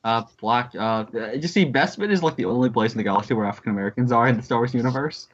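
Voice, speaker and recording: Male co-host, casual commentary chatter, filler-heavy and giggly, mid-pitched, muffled lo-fi audio. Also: fast. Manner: rambling, filler-heavy, laughs often, hums movie music. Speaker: podcast co-host. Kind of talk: casual movie commentary chat. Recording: dull lo-fi recording.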